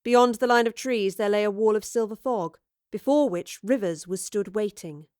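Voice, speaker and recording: A woman's voice: mid-range voice, darkish tone, clean tone, no room sound, studio quality. Woman narrating an audio serial. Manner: measured, vivid storytelling. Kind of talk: scripted narration of a serial story.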